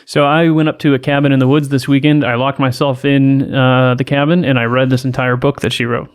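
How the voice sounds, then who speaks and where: A man's voice: medium pitch, flat delivery, fairly quick, clear, resonant tone. A man hosting a podcast, chatting casually in loose, rambling phrasing and chuckling often. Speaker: podcast host.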